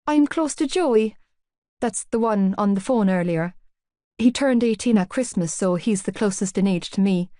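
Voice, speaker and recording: Woman voicing a shy young girl from Cork, lifted eager voice, mellow tone, dry close sound, audiobook. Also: mid-range voice, expressive, moderate pace, dry recording, close to an everyday voice. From Cork, Ireland. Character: shy young Irish girl, awkward and earnest. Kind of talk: audiobook character voice.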